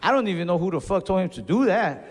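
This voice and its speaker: A man's voice: high voice, very animated, fast talker. A man doing stand-up comedy, telling a story in a casual, profane, exasperated way on a club stage. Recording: reverberant venue with faint audience noise.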